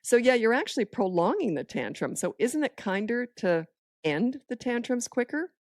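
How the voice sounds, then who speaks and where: A woman's voice: fairly high pitch, very animated, moderate pace, a little mellow, no room sound, clean studio sound. A woman talking as a parenting expert in a casual podcast chat, firm, direct and matter-of-fact.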